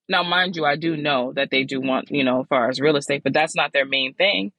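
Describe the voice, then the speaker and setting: Candid woman podcaster, lively pitch jumps. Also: a little fast, few pauses, no room sound, poor audio. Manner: candid, swears freely, laughs, pitch jumps up when animated. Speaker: podcast host. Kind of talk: casual solo podcast talk.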